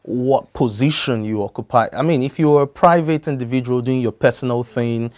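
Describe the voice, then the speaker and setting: A man co-hosting a morning radio show, giving measured, reflective opinions in casual chat. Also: mid-range voice, darkish tone. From Nigeria.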